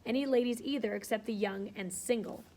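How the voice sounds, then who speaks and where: A woman's voice: on the high side, fairly quick, vocal fry, a little mellow. A woman reading aloud, voicing a nervous, deferential male footman.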